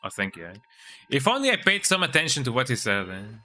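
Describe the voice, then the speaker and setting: A man's voice: medium pitch, wildly swooping pitch, a little fast, pushed and bright. A man, streaming a horror game and rambling through crude jokes as he thinks aloud. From Mexico. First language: Spanish. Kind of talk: live game commentary.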